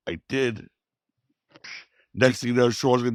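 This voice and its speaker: A man's voice: mid-range voice, slow pace, no echo, clean studio sound. A man telling stories in an interview, acting out the lines of people he quotes. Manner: animated storyteller, acts out quotes. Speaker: former wrestling promoter, interview guest. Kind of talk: storytelling interview.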